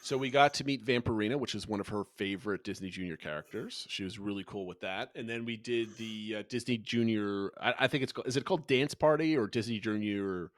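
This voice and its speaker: A middle-aged man co-hosting a podcast, telling trip stories in a lively chatty way with frequent restarts. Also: fairly low pitch, brisk, hardly any pauses, no echo. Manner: animated storytelling with frequent restarts. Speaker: podcast co-host, father. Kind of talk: casual chat.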